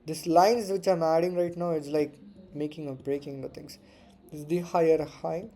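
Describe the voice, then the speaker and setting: A man's voice: fairly high pitch, fairly even intonation, moderate pace, mellow. A man giving casual live commentary while trading forex, muttering and repeating words to himself and swearing freely. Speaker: forex trader streaming live.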